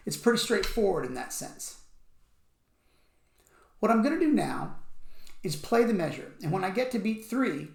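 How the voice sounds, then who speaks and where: A man teaching music rhythm, explaining patiently and counting beats out loud. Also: sits high, very animated, normal speed, vocal fry, pauses often. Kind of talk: instructional explanation with counting aloud. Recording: echoey room.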